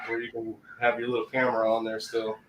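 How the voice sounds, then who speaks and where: A man's voice: medium pitch, completely flat delivery, fast talker, fairly bright tone. An older man hosting a livestream, chatting casually and telling rambling stories. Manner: easygoing, rambling storyteller. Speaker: livestream host. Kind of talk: casual chat. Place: workshop. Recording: roomy echo, distant from mic, faint noise.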